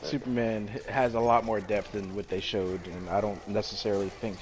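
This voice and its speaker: A man's voice: on the low side, steady tone, fairly quick, crowd noise. A young man chatting casually while gaming, arguing his opinions with casual slang.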